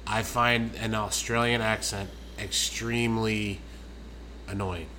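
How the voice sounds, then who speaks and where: A man's voice: fairly low pitch, fairly even intonation, slow, sharp tone, slight background noise. A man co-hosting a podcast in casual chat, cracking jokes and quoting movies. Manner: joking, quotes movies, interrupts. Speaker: podcast co-host.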